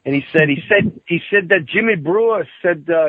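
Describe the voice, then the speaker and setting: Brief: lively storytelling male guest, a touch high-voiced, call-in audio with a thin, dry phone sound. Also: moderate pace, dry recording. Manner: excitable, acts out quotes in shrill outbursts. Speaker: guest calling in. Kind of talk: animated storytelling. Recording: tinny dry phone line.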